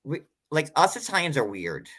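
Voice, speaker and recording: A woman's voice: sits low, big pitch swings, normal speed, a loud crowd. A woman chatting casually as a panelist, rambling and filling her talk with "like.". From tri-state area of the US. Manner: rambling, heavy use of "like". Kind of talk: casual podcast chat.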